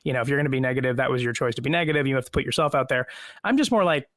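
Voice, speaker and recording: A man, an actor as a guest, chatting in a casual video-call interview from home, self-deprecating and quick to laugh. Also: medium pitch, fairly bright tone, no room sound, studio quality.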